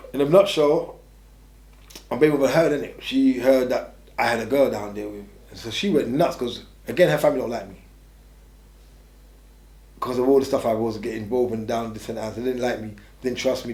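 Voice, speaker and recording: Fast-talking blunt man, roomy sound. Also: mid-range voice, fairly even intonation, a little mellow. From England. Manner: blunt, rambling, restarts a lot. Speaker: interviewee. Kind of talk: candid storytelling. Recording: roomy echo.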